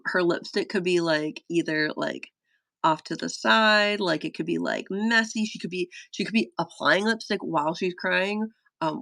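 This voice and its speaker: A woman's voice: lowish voice, creaky, fairly bright tone, dry recording. A chatty woman in her thirties thinks aloud as she tests her own solo game live. She rambles with lots of fillers and gasps when an idea hits. Her voice sits close and dry, with no room around it. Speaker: solo game designer streaming a playtest.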